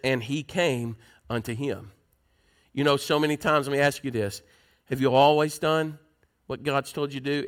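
A man's voice: a little high, fairly bright tone. A man preaching a sermon in a folksy, conversational way, often asking the congregation questions.

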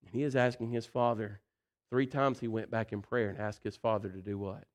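Folksy, animated male preacher. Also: fairly low pitch, brisk. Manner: animated, folksy, repeats "listen" and "you know". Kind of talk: sermon.

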